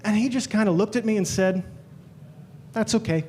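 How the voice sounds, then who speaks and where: A man's voice: sits high, quick pace, slight background noise. An Australian man doing a stand-up comedy set in a club, telling stories and quoting people in exaggerated voices. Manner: animated storytelling, quoting others in exaggerated voices.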